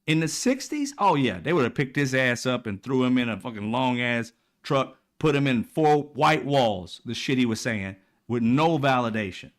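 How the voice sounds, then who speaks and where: A man's voice: lively intonation, normal speed, hardly any pauses. A man hosting a political commentary show, ranting casually in a profane, exasperated, mocking way. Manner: swings from loud and high to low and quiet.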